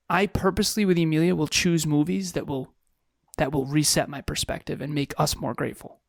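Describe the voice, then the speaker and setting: A man's voice: on the high side, fairly even intonation, fairly quick, vocal fry, dry recording, studio quality. A man in his thirties co-hosting a podcast, telling stories in an earnest, reflective way. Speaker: podcast co-host. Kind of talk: casual chat.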